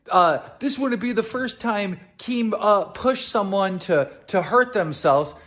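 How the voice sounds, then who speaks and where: A man's voice: high-pitched, a bit bright. A man in an angry, profane rant, talking heatedly and repeating himself. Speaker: online show host in a clip. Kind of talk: angry ranting video.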